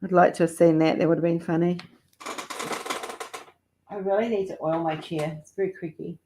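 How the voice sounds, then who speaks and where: Chatty middle-aged woman host of a live chat stream, fairly low voice, laughs easily. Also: fairly even intonation, normal speed, noisy background. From Australia or New Zealand. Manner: chatty, affectionate, laughs often. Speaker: livestream host. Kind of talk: casual live chat with viewers.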